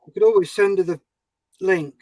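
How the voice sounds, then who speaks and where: A man's voice: sits high, fairly quick, darkish tone, no room sound, rough recording. A man hosting a model-building livestream, bantering and teasing his friends on a group call. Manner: teasing, jokey.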